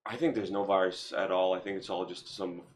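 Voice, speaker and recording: A man's voice: sits low, fairly even intonation, brisk, slight background noise. A man hosting a podcast in casual chat, rambling and profane with lots of fillers. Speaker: podcast host.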